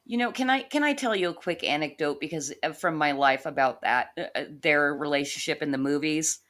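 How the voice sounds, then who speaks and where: A middle-aged woman with a slightly low voice co-hosts a relaxed conversation. She tells stories in a warm, animated way. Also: fairly quick. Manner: warm, storytelling with animated asides. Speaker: co-host. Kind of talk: casual chat.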